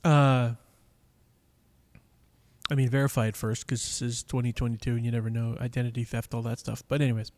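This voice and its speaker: Speaking into a microphone in a cigar lounge, a man runs a chatty live stream, rambling, teasing viewers, and using many fillers and restarts. His medium-pitched voice is darkish and flat in delivery, a little fast, with frequent pauses.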